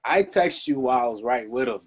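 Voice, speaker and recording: A man speaking as a guest in a casual podcast chat, recounting events in a relaxed way. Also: medium pitch, quick pace, husky, poor audio.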